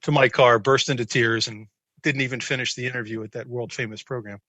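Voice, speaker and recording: A man in his sixties with an American accent, a psychiatrist guest telling a personal story in an animated, self-deprecating way. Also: mid-range voice, brisk, no echo. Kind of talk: conversational storytelling.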